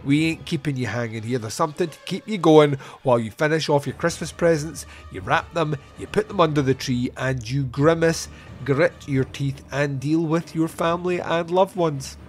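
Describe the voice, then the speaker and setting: A man hosting a podcast on his own, recapping a film scene in an animated, wry, self-mocking way. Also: on the high side, normal speed, soft background music. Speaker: podcast host. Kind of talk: solo film review recap.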